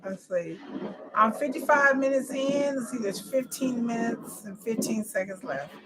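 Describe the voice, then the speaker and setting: Woman streamer, slightly high voice, emotional and exclaiming. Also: animated, a little slow, a bit bright, a little hiss or hum, low-quality recording. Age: adult. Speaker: reaction streamer. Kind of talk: live watch party reaction.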